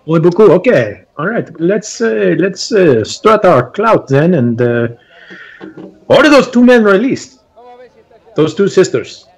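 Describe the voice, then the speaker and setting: A man's voice: sits high, big pitch swings, measured pace, husky, dull audio, exaggerated voice. A man playing a boastful cowboy sprinkling French. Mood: plotting. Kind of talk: tabletop role-play in character.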